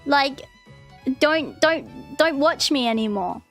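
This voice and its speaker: A woman's voice: high-pitched, animated, slow, a bit bright, soft background music. A young woman streamer ranting casually, swearing often and mocking people in exaggerated voices. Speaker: VTuber streamer.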